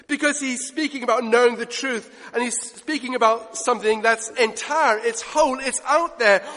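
Emphatic preacher in a reverberant hall. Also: male voice, very high voice, normal speed, hardly any pauses. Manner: emphatic, swinging between loud declarations and hushed asides. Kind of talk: sermon. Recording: long reverb of a church hall.

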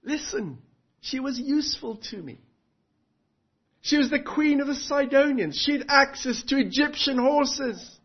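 A preacher putting on a cynical old-world king who sneers at kindness and talks with blunt scorn. The voice sits high and lively, and the recording sounds dull and lo-fi. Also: heavily acted. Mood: dismissive. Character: cynical self-serving ancient male king.

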